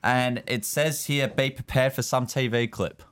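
A man's voice: medium pitch, steady tone, unhurried, fairly bright tone, clear, resonant tone. An easygoing man from Australia with an Australian accent, chatting as a podcast guest in a shed studio. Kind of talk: casual chat.

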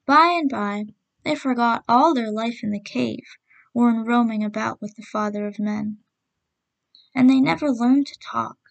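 A woman narrating a folk tale as storyteller host, reading in a gentle, measured way. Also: on the high side, gravelly.

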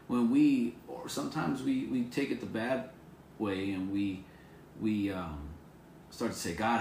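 A pastor with a mid-range, darkish voice and some vocal fry preaches an informal devotional sermon to viewers on camera. The sound is roomy with slight background noise, and he's earnest and encouraging, repeating his phrases.

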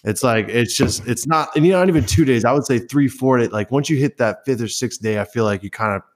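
A man with an average, mid-range voice chats casually. He asks easygoing questions. His tone stays relaxed as he talks it through. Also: medium pitch, fast talker. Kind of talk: casual chat.

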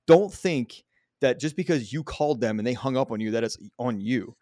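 In an animated, slightly mellow voice of medium pitch and moderate pace, a middle-aged podcast host tells candid personal stories laced with swearing. The casual conversation is recorded cleanly in a studio, without echo.

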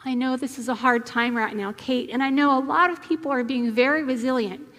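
A woman's voice: high voice, fairly quick, a bit bright. A woman pastor quoting an exasperated but reassuring male interviewer, in a reverberant hall.

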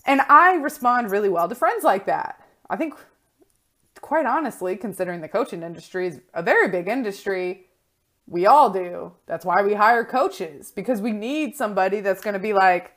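A woman's voice: medium pitch, animated, moderate pace, a bit bright. Frank woman life coach, 30s, casual blunt solo talk with swearing.

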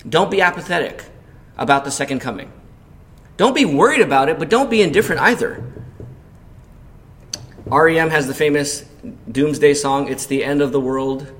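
A man preaching a sermon as pastor, telling a personal story in a conversational way and asking the congregation questions. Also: a little high. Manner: storytelling with loud acted panic in quotes.

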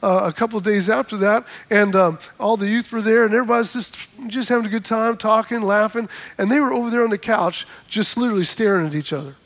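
Man preaching, very high voice, lively storyteller, acts out dialogue, calls for responses. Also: fast talker, hardly any pauses. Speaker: pastor. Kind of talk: sermon with storytelling.

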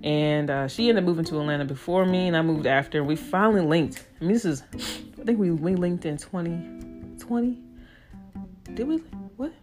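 A young woman hosting a casual solo podcast, talking in a loose, slangy, animated way with playful impressions. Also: lowish voice, brisk, soft background music. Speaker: podcast host.

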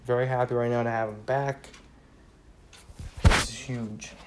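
With a flat, unhurried delivery and mid-range voice, a man podcasts alone, delivering a casual rant about sports. He rambles, keeps saying "you know," and curses when he gets worked up.

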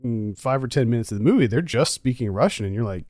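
A man co-hosting a casual movie review chat, talkative and quick to laugh. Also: mid-range voice, lively intonation, dark tone, no room sound, clean studio sound. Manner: chatty, laughs easily. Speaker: podcast co-host.

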